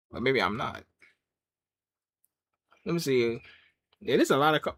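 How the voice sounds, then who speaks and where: A man's voice: medium pitch, lively intonation, measured pace, pauses often, fairly bright tone, dry recording, clean studio sound. A man giving a casual watch-along review of a wrestling show, rambling through jokes and rants and laughing often. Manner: loose, joking rants with frequent laughs.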